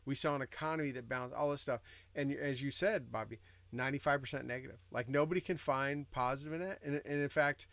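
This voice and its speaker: A man's voice: mid-range voice, quick pace, fairly bright tone, no echo. A man co-hosting a podcast, making his point earnestly and often repeating his words as he builds it. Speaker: podcast co-host. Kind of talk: casual podcast chat.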